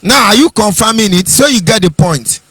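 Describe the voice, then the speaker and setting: Nigerian guy ranting on political radio, highish voice, dry close sound, mocking n preachy. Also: expressive, moderate pace, fairly bright tone, husky, no echo. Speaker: political commentator. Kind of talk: impassioned broadcast monologue.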